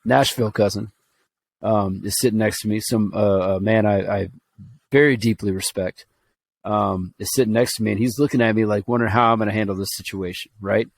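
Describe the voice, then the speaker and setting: A man's voice: on the low side, fairly even intonation, a little fast, creaky, slight background noise. A man from Alabama telling a personal story on a podcast, earnest and rambling, with fillers and restarts. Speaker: podcast co-host.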